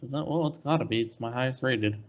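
A man's voice: medium pitch, brisk. A man co-hosting a casual comic review podcast, rambling with many likes and restarts, on a muffled, crackly mic. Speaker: podcast co-host.

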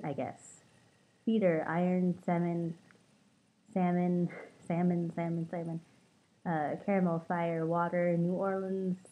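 Wry young woman from Los Angeles. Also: lowish voice. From Los Angeles, California. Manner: chatty, wry, self-mocking asides, mild swearing. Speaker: vlogger. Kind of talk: casual accent-tag vlog, reading prompts aloud. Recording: tinny phone-like lo-fi sound.

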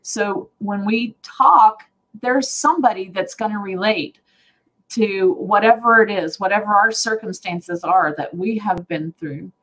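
Brief: woman guest, mid-pitch, earnest testimony storyteller, animated, quick laughs, video call. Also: rough recording. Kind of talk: casual faith talk, storytelling.

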